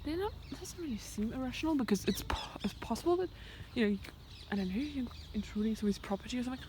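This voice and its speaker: Young-sounding woman, fairly high voice, musing to a handheld camera on a hike, slips into whispers, faint birdsong and wind around her. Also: lively intonation, rapid-fire. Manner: rambling, thinking aloud, often drops to a whisper. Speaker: vlogger. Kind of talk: reflective walking vlog. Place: outdoors in the countryside by a fence. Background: birds and sheep in the open air.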